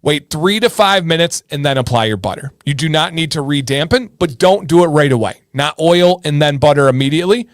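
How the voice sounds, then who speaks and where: A man's voice: on the high side, animated, brisk, few pauses, no room sound, clean studio sound. Upbeat man hosting a livestream. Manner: hypes and greets viewers by name, reads chat aloud. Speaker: livestream host. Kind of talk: casual livestream chat.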